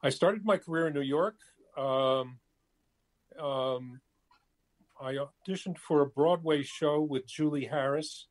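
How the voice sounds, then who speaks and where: Older man talking over a phone, halting. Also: fairly high pitch. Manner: hesitant, many fillers and restarts. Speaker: guest. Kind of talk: casual interview chat. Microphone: cell phone.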